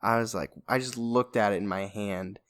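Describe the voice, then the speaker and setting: Low-voiced man telling a quick anecdote. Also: steady tone, fairly bright tone. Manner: chatty, laughing, quoting himself. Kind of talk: casual chat.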